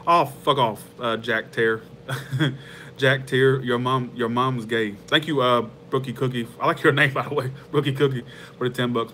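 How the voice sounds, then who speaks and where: A man of middling pitch talks straight to his viewers in an easy, rambling livestream chat. He is heartfelt and laughs often. A faint background hum sits under the voice. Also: a bit bright. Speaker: tarot channel host.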